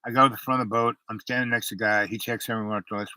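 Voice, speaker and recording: Rambling man telling a story, bright and dry. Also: fairly low pitch, fairly even intonation, racing, no room sound, poor audio. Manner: rambling, with many restarts and fillers. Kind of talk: casual anecdote telling.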